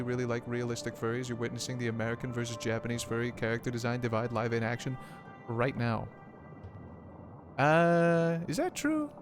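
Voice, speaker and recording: A man streaming a game, chatting casually in a rambling, profane, joking way. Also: mid-range voice.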